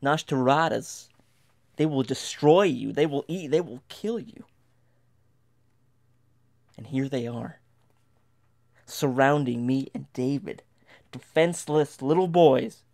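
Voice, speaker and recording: A man spinning a comic story, playing up the suspense. His voice sits at an ordinary middle pitch, and he swings between hushed whispers and loud, rushed outbursts. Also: vocal fry. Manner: dramatic, dropping to whispers and rising to near shouts.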